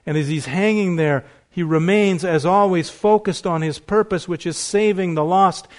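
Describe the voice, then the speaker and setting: A man preaching an earnest sermon as a pastor, swelling louder at key points. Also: high voice, moderate pace.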